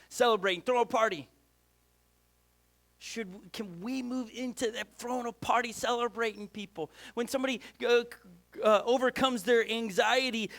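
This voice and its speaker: High-voiced energetic male preacher. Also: gravelly. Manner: energetic, rhetorical questions, many restarts. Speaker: pastor. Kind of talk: sermon.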